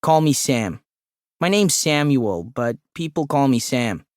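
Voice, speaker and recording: A man's voice: medium pitch, animated, measured pace, dry recording, studio quality, close to an everyday voice. A man voicing a short, bald, chatty office photographer with a nasal drawl who pants as he talks. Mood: chummy. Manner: eager, conspiratorial. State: panting.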